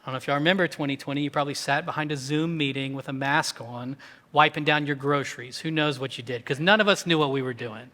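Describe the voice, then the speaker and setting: A man preaches in a lively, conversational style, tossing in quick asides. His voice is high and bright. It carries a long reverb from the church hall around him. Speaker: pastor. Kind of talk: sermon. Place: church sanctuary.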